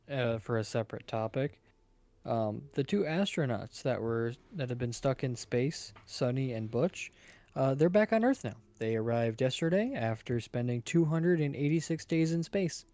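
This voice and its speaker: A man's voice: mid-range voice, expressive, moderate pace, warm tone, no echo. A man speaks matter-of-factly on a casual podcast as he brings up a new subject. His voice sounds close and dry, with no room around it.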